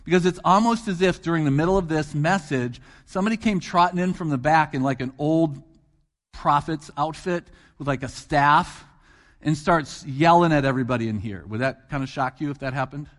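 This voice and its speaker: A man's voice: a little high, moderate pace, a bit bright. Conversational man preaching in a church hall. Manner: conversational, asks the congregation questions, repeats phrases for emphasis. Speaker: guest preacher. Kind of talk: sermon.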